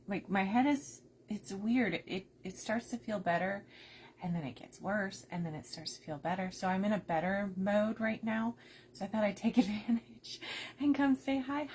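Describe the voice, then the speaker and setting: A woman hosting a casual crafting live stream, talking softly and keeping her voice down while unwell with a migraine, chatting to viewers as she goes. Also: mid-range voice, normal speed, a little hiss or hum. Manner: soft-spoken, keeps her voice down, chatty asides to viewers.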